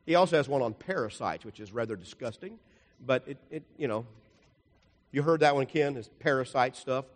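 A man's voice: mid-range voice, animated, brisk. An older man preaching a folksy, rambling sermon, explaining slides with jokes and asides. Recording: long hall reverb.

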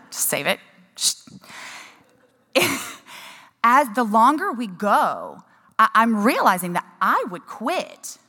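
A woman's voice: medium pitch, pushed and bright. A woman telling a personal story to a gathering in a chatty, emotional way, with many restarts. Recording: long hall reverb.

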